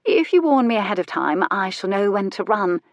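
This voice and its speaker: A woman's voice: medium pitch, big pitch swings, moderate pace, no echo, lo-fi sound. A woman voicing a clever young lady companion with a wry, dry humour, in an audiobook character voice.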